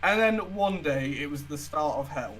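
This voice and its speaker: A man's voice: a little high, expressive, moderate pace, a bit bright, a little hiss or hum, poor audio. A young man co-hosting a podcast, telling a story in a chatty, casual way and swearing freely. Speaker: podcast co-host. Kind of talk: casual chat.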